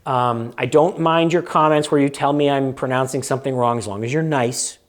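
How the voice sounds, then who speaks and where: A man's voice: medium pitch, fairly even intonation, fairly quick. A man from New England hosting a vlog, explaining things to camera in a casual, good-humored and self-deprecating way. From New England, United States. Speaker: vlog host.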